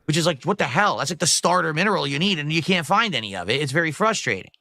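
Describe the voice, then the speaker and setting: A man's voice: a little high, animated, quick pace, vocal fry, pushed and bright, dry recording. A man hosting a casual livestream, rambling about his plans and reading out donor messages. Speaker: streamer host.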